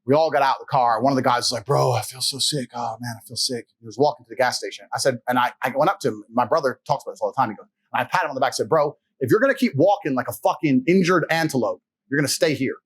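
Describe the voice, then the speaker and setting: A man's voice: mid-range voice, very fast, few pauses, husky. A man in a podcast chat, telling boastful stories in a brash, profane way and laughing often. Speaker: podcast guest. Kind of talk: casual storytelling chat.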